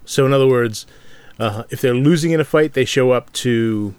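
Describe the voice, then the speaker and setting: Halting man in dry close audio. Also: mid-range voice, darkish tone, clean tone, dry recording. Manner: halting, lots of fillers and restarts. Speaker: podcast co-host. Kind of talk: casual discussion.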